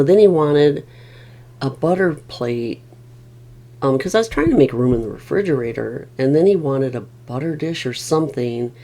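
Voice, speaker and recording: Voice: medium pitch, creaky, warm tone. A middle-aged family caregiver rambling wearily in a casual vlog, with many restarts.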